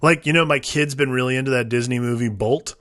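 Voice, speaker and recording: A man's voice: medium pitch, fast, a bit bright, dry recording, clean studio sound. A man in his thirties co-hosting a casual film podcast, rambling with many fillers as he talks. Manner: rambling, lots of filler "like", restarts. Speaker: podcast co-host.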